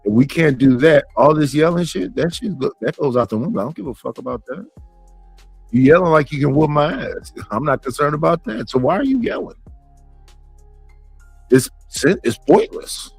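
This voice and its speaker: A man hosting a casual commentary show, blunt and animated, acting out quoted arguments. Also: a little high, brisk, vocal fry, slightly rough, no echo, faint music behind, rough recording.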